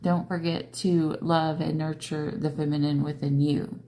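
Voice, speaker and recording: A tired woman tarot reader speaks slowly and unhurriedly, in a low, mellow voice. She talks casually to her viewers, often checking in with them with little questions. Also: level tone, slight background noise. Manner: slow, conversational, coaxing questions to viewers. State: tired, yawning. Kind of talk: casual spiritual tarot reading.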